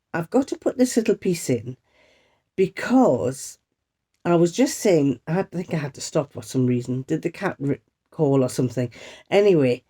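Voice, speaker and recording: Chatty woman telling a story. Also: on the low side. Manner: chatty, exasperated, animated when quoting others. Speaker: sewing vlogger. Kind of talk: casual storytelling to camera.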